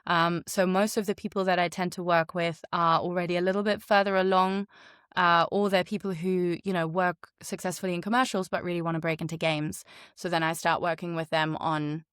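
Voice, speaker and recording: A woman's voice: on the low side, flat delivery, brisk, a bit bright, clean tone, no echo, clean studio sound. A woman voice actor and coach giving frank, chatty advice in a podcast interview. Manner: chatty, frank, lots of fillers.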